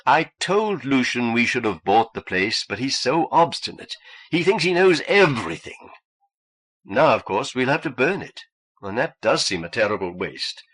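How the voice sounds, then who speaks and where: A man reading an audiobook and voicing a treacherous male cultist who talks in a calm, mild, falsely reassuring way. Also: medium pitch, normal speed, voice pushed up, rough recording. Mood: falsely regretful.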